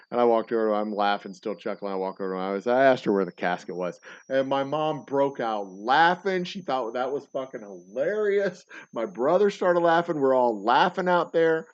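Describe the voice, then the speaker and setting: A man's voice: mid-range voice, expressive, moderate pace, no room sound. A man hosting a casual show, rambling through a profane story with many restarts. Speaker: host. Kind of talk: casual chat. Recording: slightly dull lo-fi audio.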